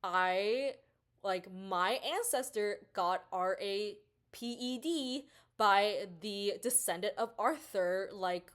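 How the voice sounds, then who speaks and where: A woman's voice: mid-range voice, slow pace, fairly bright tone. A defiant young heroine states hard truths bluntly, without fuss, as a woman reads her in nearly her own voice. The tone stays level and matter-of-fact.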